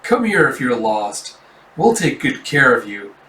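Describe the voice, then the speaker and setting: A man's voice: medium pitch, sing-song, measured pace, sharp tone. A man voicing a menacing male thug who speaks in a leering, mock-friendly way, in a roomy recording taken from a distance. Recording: roomy, distant mic, faint background noise.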